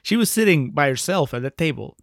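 A man's voice: a little high, lively intonation, a little fast, gravelly, no echo, clean studio sound. A man co-hosting a casual movie podcast, taking the film apart in a wry, analytical way and laughing often. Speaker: podcast co-host. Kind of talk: casual movie-discussion chat.

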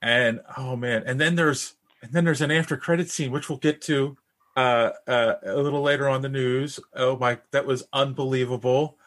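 A man's voice: mid-range voice, steady tone, moderate pace, a bit bright. A man co-hosting a podcast in casual chat, gushing with eager enthusiasm. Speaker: podcast co-host.

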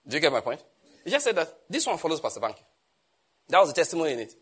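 A man preaching a sermon as pastor, animated and emphatic, often firing rhetorical questions. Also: on the high side, very fast, slightly rough.

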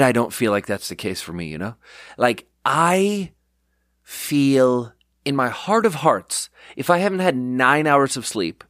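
Male solo podcast host, mid-pitched, dry close sound; digressive and self-mocking, acts out his anecdotes. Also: no room sound. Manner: rambling, digressive, self-deprecating; animated storyteller who acts out quotes. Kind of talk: casual solo monologue.

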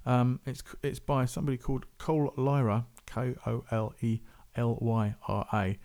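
A man's voice: medium pitch, flat delivery, normal speed, darkish tone. A man hosting a music podcast, chatting casually and rambling. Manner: rambling, chatty, self-interrupting. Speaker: podcast host.

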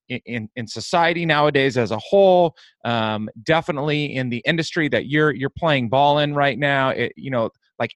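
A man's voice: mid-range voice, fairly bright tone, no room sound. A male podcast host with a mid-range voice asks questions and thinks aloud in long, searching sentences. The recording is close and dry. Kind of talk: interview conversation.

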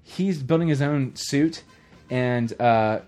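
A man co-hosting a casual podcast, retelling film scenes in a lively way and acting out the characters' lines in quick voices. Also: mid-range voice, faint music behind. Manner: animated storyteller who acts out movie scenes in quick voices. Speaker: podcast co-host. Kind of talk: casual movie chat.

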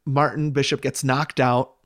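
A man's voice: medium pitch, flat delivery, moderate pace, a bit bright. A man co-hosting a podcast, chatting casually as he recaps a film's plot with frequent laughs and fillers. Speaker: podcast co-host. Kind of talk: casual movie recap chat.

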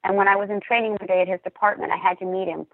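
Earnest dispatcher lady on a podcast, gravelly voice, sounds like it's over a phone. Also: medium pitch, steady tone, racing, dry recording. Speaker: emergency dispatcher and podcast guest. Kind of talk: podcast talk, personal account. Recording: tinny phone-like line.

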